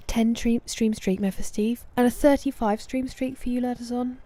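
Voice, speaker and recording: A woman chatting casually with live viewers while gaming, greeting them by name and dropping soft asides. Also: a little high, fairly even intonation, normal speed, no echo. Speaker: streamer.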